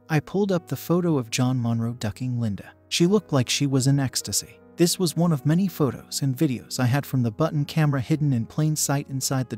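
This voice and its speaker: A man giving a steady, scripted first-person narration of a story. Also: medium pitch.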